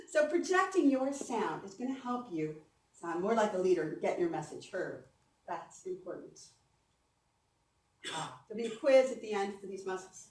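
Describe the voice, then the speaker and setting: A woman voice coach giving an animated, encouraging conference workshop and leading the audience through exercises. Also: medium pitch, moderate pace, a little hiss or hum. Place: conference hall. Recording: echoey hall, mic from a distance.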